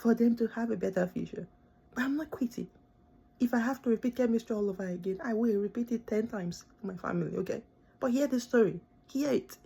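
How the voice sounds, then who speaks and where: A woman's voice: on the high side, fast talker, vocal fry, mellow, husky. A young woman, a student born abroad, venting in an impassioned, pleading rant to camera, repeating herself for emphasis. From born outside the country she lives in. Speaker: vlogger. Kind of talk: emotional direct-to-camera rant.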